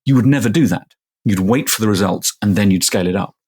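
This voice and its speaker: A man's voice: on the low side, fast talker, darkish tone, slightly rough. A middle-aged man, a professor, answering interview questions casually and explaining step by step with everyday examples. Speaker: guest, manufacturing professor.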